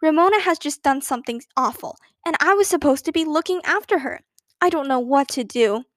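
A woman's voice: sits high, lively intonation, normal speed, no echo, clean studio sound, pitched above the performer's own voice. A woman voicing a bossy, exasperated schoolgirl big sister who scolds indignantly. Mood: flustered.

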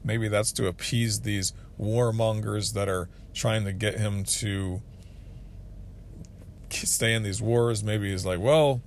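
A man's voice: on the low side, little pitch movement, takes it slowly, a little hiss or hum. A man hosting a solo podcast, giving earnest political commentary, often restarting his phrases and reading quotes aloud. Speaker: podcast host.

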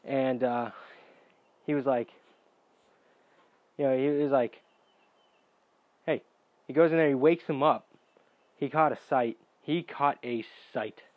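A man's voice: medium pitch, steady tone, measured pace, long pauses, dry recording, dull audio. Profane young man telling a storytime rant. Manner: profane, exasperated, bursts into shouting.

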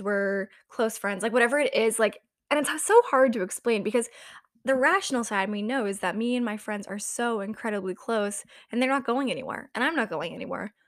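A woman's voice: on the high side, a bit bright, no room sound, clean studio sound. A young woman talking casually and rambling, with lots of filler words and frequent laughs. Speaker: vlogger. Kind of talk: casual confessional chat.

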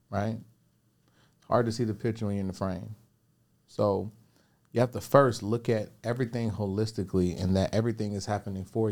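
A man, a podcast guest and business coach, telling a personal story and giving motivational advice in an animated way, acting out the voices he quotes. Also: on the low side.

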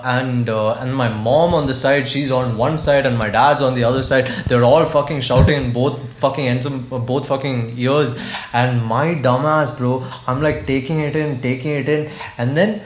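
Podcast guest, young man, animated storyteller who cusses a lot, mid-pitched, recorded in a roomy space. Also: normal speed, hardly any pauses. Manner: animated, swears a lot, mimics his parents. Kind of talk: casual storytelling. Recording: echoey room with faint noise.

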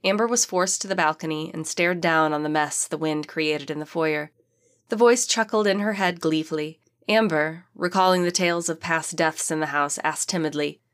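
A woman reads an audiobook in a measured, dramatic storytelling manner. Her voice sits low. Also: fairly bright tone. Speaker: audiobook narrator. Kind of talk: audiobook narration.

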